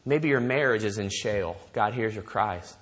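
A man preaching a sermon, animated, asking his listeners rhetorical questions. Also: on the low side, moderate pace. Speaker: pastor.

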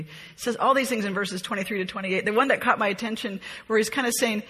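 Echoey, breathy woman teaching scripture. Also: medium pitch, fast, bright, forceful tone. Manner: reads scripture aloud expressively, then muses in a chatty, reflective way. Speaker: Bible teacher. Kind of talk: conversational Bible study teaching.

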